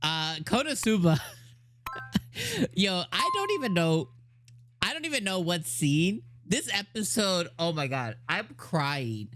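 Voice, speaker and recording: An anime reviewer talking in a casual, excitable way, laughing often and using heavy slang. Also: mid-range voice, slow, soft background music.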